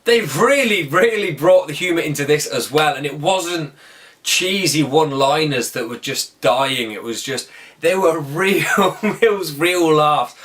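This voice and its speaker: A man's voice: a little high, expressive, fairly bright tone, far from the mic. Eager rambling man reviewing a film. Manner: enthusiastic, rambling, with quick self-corrections. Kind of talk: casual spoken movie review.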